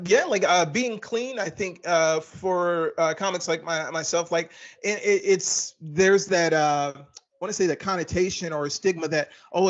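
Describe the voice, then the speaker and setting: High-voiced male comedian guest. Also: highs cut off. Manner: hesitant, many "uh" fillers. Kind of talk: casual interview chat.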